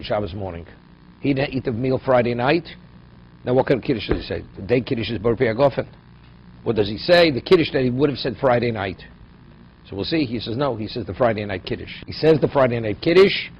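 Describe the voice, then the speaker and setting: Man teaching Talmud. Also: medium pitch. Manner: explains Aramaic phrases in English, asks "right?" often. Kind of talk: daily Talmud class. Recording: dull lo-fi recording with faint noise.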